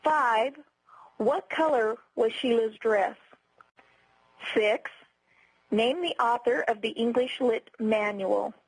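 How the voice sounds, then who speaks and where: A woman giving a scripted customer service training lecture in a clear, instructive, evenly paced way. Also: a little high, slow, pauses often, no echo, rough recording.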